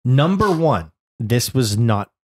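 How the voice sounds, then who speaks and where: A man in his thirties, a podcast co-host, chatting casually and acting out quotes in an animated storytelling way. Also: medium pitch, slow pace. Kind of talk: casual chat.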